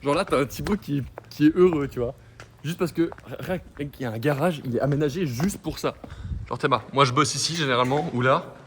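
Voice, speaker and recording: A French man talking excitedly in a casual vlog, swearing freely. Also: a little high, fast. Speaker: vlogger. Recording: clear background noise.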